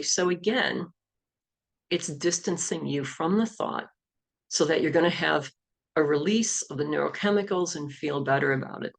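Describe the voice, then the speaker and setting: A middle-aged woman who works as an executive coach and hypnotherapist explains self-help techniques in a relaxed, easygoing talk. Her voice is low, with vocal fry, and she speaks at a moderate pace.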